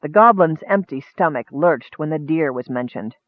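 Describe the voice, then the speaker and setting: A man narrating a fantasy story in steady, vivid audiobook style. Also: on the high side, normal speed, no echo. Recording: dry, narrow phone-like sound.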